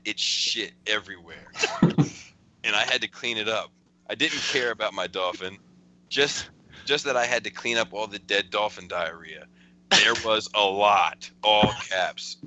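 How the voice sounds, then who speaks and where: This podcast host has a fairly low but bright, forceful voice, recorded roughly with slight background noise. He laughs along while wandering through a friend's texts, telling the story in a rambling way with frequent restarts.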